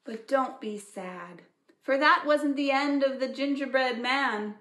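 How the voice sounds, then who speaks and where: A woman librarian reading aloud at a preschool storytime, animated, gently asking children questions. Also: sits high, takes it slowly. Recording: echoey room.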